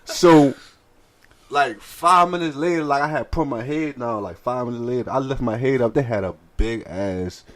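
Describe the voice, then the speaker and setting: Among friends, a male guest tells funny stories at a moderate pace in a mid-range voice. He's animated and does the voices of the characters as he goes, keeping things casual.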